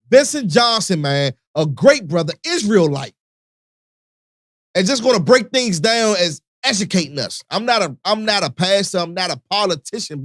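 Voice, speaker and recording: High, lively-voiced radio host. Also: male voice, no room sound, clean studio sound. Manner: animated, preachy, conversational with slang. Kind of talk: casual radio talk.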